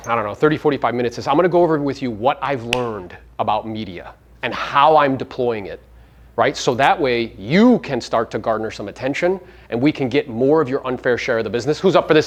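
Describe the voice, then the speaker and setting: Brash, animated man firing questions at a crowd. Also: medium pitch. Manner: brash, profane, fires rhetorical questions at the crowd. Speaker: real estate business owner giving a media talk. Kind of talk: live seminar talk to an audience.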